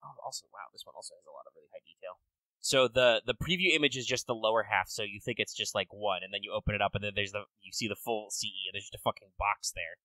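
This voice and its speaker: A man co-hosting a podcast in casual chat, rambling and swearing with quick bursts of excitement. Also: lowish voice, no room sound, low-quality recording. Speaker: podcast co-host.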